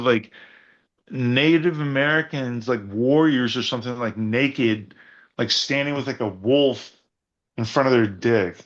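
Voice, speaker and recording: A man on a podcast as a guest wrestler, telling rambling, profane stories in a casual, animated way. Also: mid-range voice, unhurried, muffled recording. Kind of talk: casual storytelling chat.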